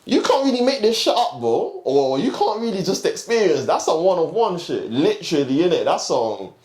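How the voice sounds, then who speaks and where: A man's voice: high voice, moderate pace. A young man, a guest DJ telling a story in slangy, casual chat with frequent laughs. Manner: slangy, animated, laughs often. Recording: roomy echo, faint background hum.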